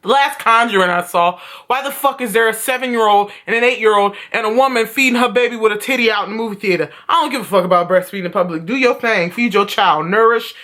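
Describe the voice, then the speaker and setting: A woman's voice: fairly high pitch, fast, few pauses, a bit bright. A young woman vlogging at home, telling stories in a blunt, profane rant. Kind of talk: casual vlog rant.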